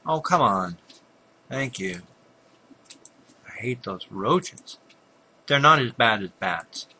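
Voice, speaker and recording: A man's voice: mid-range voice, expressive, takes it slowly, sharp tone, slightly rough. An older man casually talking through a computer game, muttering at monsters and apologizing for his yawns. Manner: chatty, muttering at enemies, frequent yawns and apologies. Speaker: gameplay commentator.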